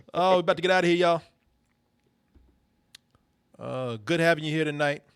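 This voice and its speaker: A man hosting a live comedy stream, swearing freely and breaking into loud laughter while reacting to clips. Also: a little high, unhurried, clean tone. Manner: loud laughing, profane, animated. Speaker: host.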